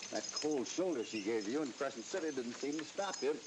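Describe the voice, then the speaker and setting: An actor playing a steady, easygoing cowboy hero with a wry edge in a 1940s Western film. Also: male voice, mid-range voice, fairly quick, noisy background, close to an everyday voice. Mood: calm.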